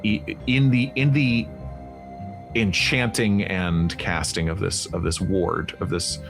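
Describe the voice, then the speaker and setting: Low-voiced man running a horror game. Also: steady tone, vocal fry, music in the background. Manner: laughs often, halting with fillers when narrating. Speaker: game master.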